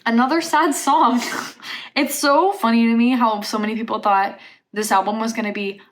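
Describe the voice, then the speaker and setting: A woman's voice: a little high, steady tone, normal speed. A woman reviewing an album for her vlog in casual chat, gushing and dropping "like" into almost every sentence. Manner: gushing, filler-heavy talk with lots of "like". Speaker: music reaction vlogger.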